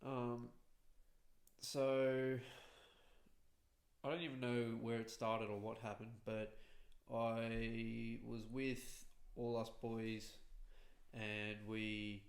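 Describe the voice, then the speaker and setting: A man's voice: medium pitch, flat delivery, drawn-out words, long pauses. A man in a casual podcast chat who talks hesitantly and gives short replies. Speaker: podcast co-host. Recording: echoey room.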